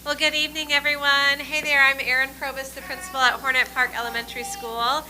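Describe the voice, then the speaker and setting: A woman principal presenting a student award, reading out staff tributes in a warm, emotional way. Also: high voice, flat delivery, fast, a little hiss or hum, rough recording. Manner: warm, emotional, reads quotes aloud. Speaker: elementary school principal.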